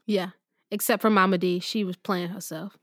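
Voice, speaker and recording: A woman co-hosting a podcast, reviewing a movie in casual chat with quick back-and-forth reactions and laughs. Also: lowish voice, steady tone, a bit bright, dry recording, clean studio sound. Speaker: podcast co-host.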